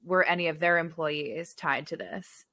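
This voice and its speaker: A woman with a lower voice co-hosts a podcast. She cuts in with short, curious questions in a casual chat. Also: fairly even intonation, pushed and bright. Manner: curious, quick interjections. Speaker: podcast co-host.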